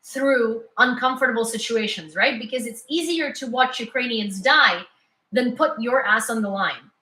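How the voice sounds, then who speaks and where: A woman's voice: a little high, normal speed, pushed and bright. Opinionated woman news host, echoey room. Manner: opinionated, sarcastic, laughs often. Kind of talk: casual live news commentary.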